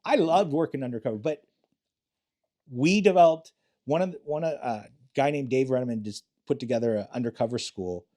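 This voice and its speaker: A man's voice: medium pitch, fairly quick, mellow. An older man, a retired police detective, telling rambling, profane stories in a casual interview, often restarting his sentences.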